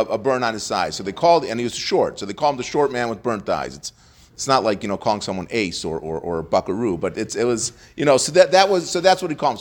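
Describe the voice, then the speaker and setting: A man teaching a Talmud class, explaining step by step and quoting Aramaic, with frequent restarts. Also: mid-range voice.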